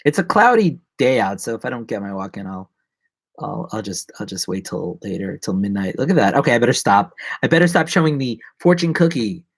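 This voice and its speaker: A man chats loosely on a live stream, jumping between asides, poking fun at himself, restarting sentences often and letting thoughts trail off. His lowish voice is sing-song, a little fast, husky and full of vocal fry, and the recording sounds dry and close.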